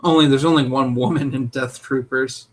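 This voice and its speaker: A young man co-hosting a casual chat, opinionated and jokey, with animated delivery. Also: medium pitch, normal speed. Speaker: podcast co-host.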